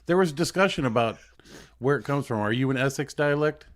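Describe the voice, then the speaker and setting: A man's voice: mid-range voice, lively intonation, fairly quick, heavy background noise. A man speaking as a guest on a live-stream panel chat, cracking jokes, rambling, and hedging before he gives an answer.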